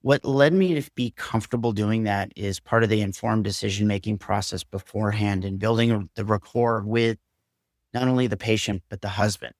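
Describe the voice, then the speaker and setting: A man, a surgeon, telling a candid story from his career in an earnest, measured way during a podcast interview. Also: fairly low pitch, fairly even intonation, no room sound, clean studio sound. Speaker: surgeon guest.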